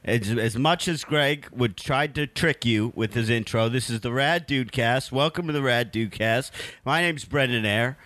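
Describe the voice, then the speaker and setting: A man's voice: mid-range voice, normal speed, fairly bright tone. A man hosting a podcast who keeps steering his joking co-hosts back on track, with hesitant fillers. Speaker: podcast host.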